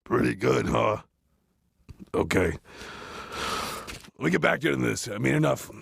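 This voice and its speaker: A man giving a rambling, deadpan comic monologue full of restarts and asides, close to the mic. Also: medium pitch, measured pace, creaky, breathy edge, dry recording. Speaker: comedian doing a parody reading.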